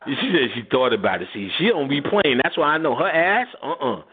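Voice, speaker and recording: Animated storytelling man on a phone line. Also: medium pitch, fairly quick. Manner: animated, laughing, acts out quotes in voices. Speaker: radio show host. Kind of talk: casual storytelling, profane.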